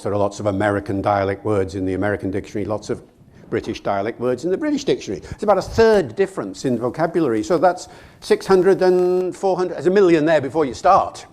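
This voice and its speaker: A man giving a public lecture to a live audience in a hall, lively and humorous, quizzing the listeners as he goes. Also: mid-range voice. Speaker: guest lecturer.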